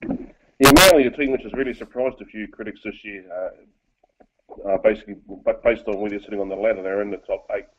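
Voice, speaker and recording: Pundit: low, husky man, blunt and opinionated, tinny phone line. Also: fairly even intonation, brisk. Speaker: co-host and sports pundit. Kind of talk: casual sports chat. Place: Gold Coast, over the phone.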